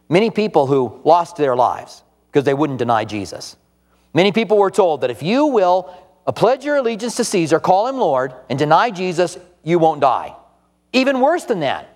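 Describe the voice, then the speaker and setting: A man preaching a sermon as pastor, telling a story with lively emphasis and acting out the quoted lines. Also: a little high, in a large hall. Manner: animated storytelling, acts out quoted voices.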